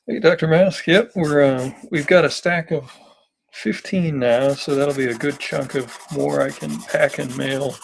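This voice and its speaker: A man streaming a live drawing session, slightly hoarse and talking casually, thinking aloud with lots of fillers and restarts. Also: fairly high pitch, steady tone, measured pace, poor audio.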